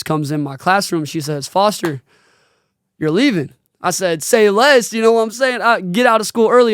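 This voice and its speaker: Man in his twenties, podcast host; slightly high, smooth voice, earnest and casual with slang, choked up at times. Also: dry recording, studio quality. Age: 20s. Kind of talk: personal storytelling.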